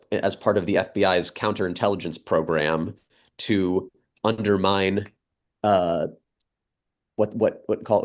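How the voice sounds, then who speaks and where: A man with a very low voice makes his point on a talk show in a slow, measured way. He hesitates often and pauses between his thoughts. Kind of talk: casual political talk show discussion.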